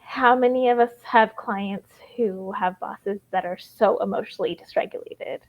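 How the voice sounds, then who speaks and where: A woman's voice: mid-range voice, moderate pace, muffled recording. A woman life coach in a casual group discussion, talking earnestly in long run-on thoughts full of "like".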